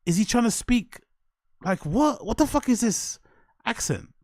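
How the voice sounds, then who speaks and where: A British man hosting a show, giving casual reaction commentary in an animated, slangy way with constant swearing. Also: very high voice, unhurried, no room sound, studio quality. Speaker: host.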